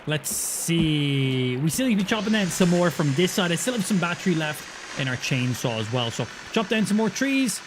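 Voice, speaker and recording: Chatty Irish man, lively voice. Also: on the high side, normal speed, noisy background. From Ireland. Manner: chatty, profane, joking. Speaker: streamer. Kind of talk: casual gameplay commentary.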